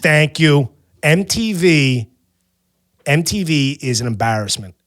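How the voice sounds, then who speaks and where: A man hosting a podcast, telling a story in a casual, animated, swearing and self-mocking way. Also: on the high side, slow, no echo. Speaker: podcast host.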